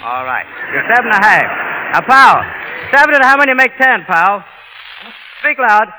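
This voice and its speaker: A man's voice: high voice, big pitch swings, normal speed, bright, forceful tone. A man from New York coaxing and commanding his performing dog on stage. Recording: echoey hall with faint hiss.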